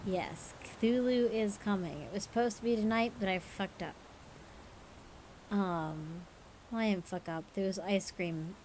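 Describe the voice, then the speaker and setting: A woman streaming, reading folk stories aloud in a relaxed, playful way. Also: medium pitch, measured pace, slight background noise, rough recording. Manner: casual, playful, tired late in the stream. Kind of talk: storytelling livestream.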